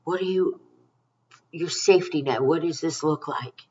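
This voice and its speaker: A woman's voice: deep voice, normal speed, mellow, far from the mic, lo-fi sound. Rambling middle-aged woman psychic, off-mic. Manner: rambling, emphatic and affectionate, calls listeners honey and you guys. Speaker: psychic card reader. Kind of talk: spiritual card reading to camera.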